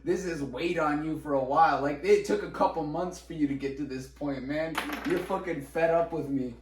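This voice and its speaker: A young man co-hosting a podcast, telling school stories in casual chat, animated and profane, laughing as he goes. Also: a little high, moderate pace. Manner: animated, swearing, laughing while recounting. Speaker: podcast co-host. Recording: echoey room, mic at a distance, faint noise.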